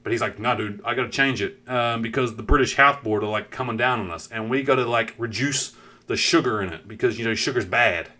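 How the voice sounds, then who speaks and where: A man's voice: medium pitch, a little fast, pushed and bright. A man streaming and chatting casually, rambling with lots of fillers and swearing while acting out what people said. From New Zealand. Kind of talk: casual chat.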